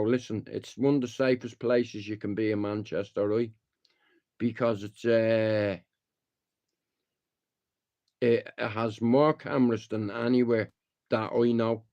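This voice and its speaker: A man's voice: mid-range voice, darkish tone. Man, streamer type, rambling and cursing, heats up in stories, dull recording. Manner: profane, rambling, heated when retelling fights. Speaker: live streamer. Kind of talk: casual rambling talk to viewers. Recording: dull lo-fi sound.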